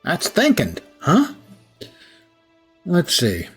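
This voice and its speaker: A man with a husky, raspy voice, clearing his throat often, giving chatty live commentary while streaming a game. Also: on the high side, wildly swooping pitch, extremely slow, faint music behind.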